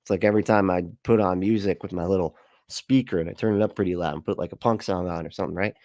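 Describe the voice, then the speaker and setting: A man's voice: deep voice, steady tone, quick pace, a little mellow, no echo, clean studio sound. A man hosting a casual livestream, reading chat messages aloud, laughing often and swearing casually as he rambles.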